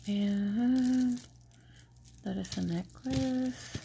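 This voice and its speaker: Woman vlogger rambling slow about trinkets, kinda gravelly, drops spanish asides. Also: on the high side, background noise. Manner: chatty, murmurs remarks about each item. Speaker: jewelry vlogger. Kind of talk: casual show-and-tell commentary.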